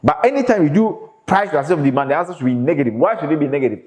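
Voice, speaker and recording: A fairly high, somewhat mellow voice delivers this economics class in an expressive, rapid-fire way. The lecturer asks the class questions with emphasis and answers them himself, with heavy reverb from an echoey room.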